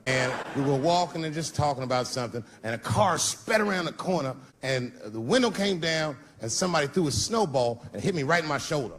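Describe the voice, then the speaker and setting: A man performing stand-up comedy on a large theater stage, telling profane, animated stories and acting out quotes. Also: fairly high pitch. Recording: live theater recording with background noise.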